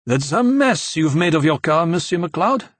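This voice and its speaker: A man voicing a dry, laconic young man with a deadpan manner. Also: fairly high pitch, normal speed, dry recording, pitched above the performer's own voice.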